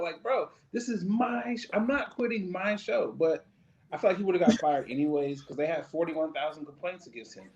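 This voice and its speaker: A man co-hosting a podcast in casual comedic chat, animated and slangy, laughing often, on slightly dull lo-fi audio. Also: a little high, moderate pace. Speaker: podcast co-host.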